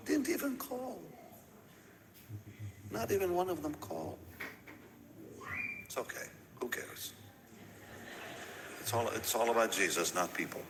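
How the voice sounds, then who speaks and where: A man preaching, telling a personal story with animated delivery, repeating words and laughing now and then. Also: a little high, background noise. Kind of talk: sermon storytelling. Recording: echoey hall with long reverb.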